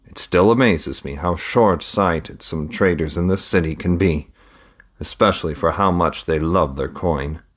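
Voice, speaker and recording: A man reading an audiobook, voicing a middle-aged trader who is a proud, weary father and speaks in a measured, matter-of-fact way. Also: sits low.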